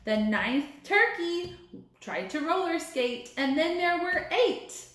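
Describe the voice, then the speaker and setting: Woman, teacher, storybook read-aloud, very high voice, slow, echoey room. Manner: sing-song, animated, coaxing counting along. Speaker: teacher reading to children. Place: classroom or learning center room.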